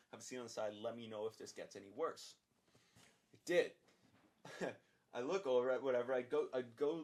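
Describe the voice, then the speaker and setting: Young adult male guest, casual storytelling, animated and profane, acts out dialogue. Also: mid-range voice. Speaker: podcast guest.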